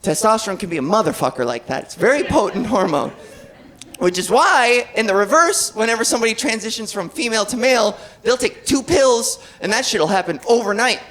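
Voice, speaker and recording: A trans woman performing a stand-up set, animated and self-deprecating, swearing freely and laughing at her own jokes. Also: fairly high pitch, brisk, poor audio. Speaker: stand-up comedian. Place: comedy club stage. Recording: live club audience laughing.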